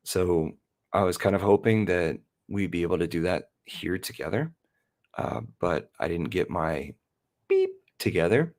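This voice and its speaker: Slow, gravelly-voiced man rambling. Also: low-pitched, expressive, a little mellow. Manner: rambling, self-interrupting. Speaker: podcast host. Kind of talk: casual rambling chat.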